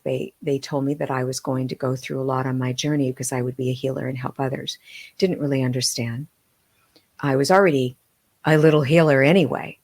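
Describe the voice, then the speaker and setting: A middle-aged woman, a guest on a podcast, telling personal stories in an earnest, heartfelt way with halting restarts. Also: a bass voice. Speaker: podcast guest, medium and author. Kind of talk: emotional personal storytelling.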